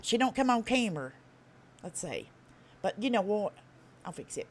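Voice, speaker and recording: A woman's voice: medium pitch, very animated, a little hiss or hum. Profane Southern woman streamer. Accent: Southern US, Tennessee. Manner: blunt, profane, folksy drawl; fast talker. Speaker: livestream host. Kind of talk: casual live-stream commentary.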